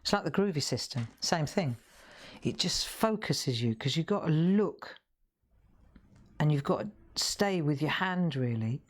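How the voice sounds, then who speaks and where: A middle-aged woman with a low, expressive voice hosts a live colouring demonstration as a craft show host. She speaks unhurriedly, chatty and encouraging, addressing viewers directly.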